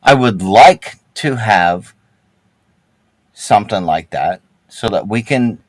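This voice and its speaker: A man talking over a headset in a gaming group chat, his pitch swinging widely as he pushes his point. He rambles, trips over his words and swears heavily. The sound is dry and close. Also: expressive, takes it slowly, no echo, low-quality recording. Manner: rambling, heavy swearing, many restarts. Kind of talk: heated casual voice-chat argument.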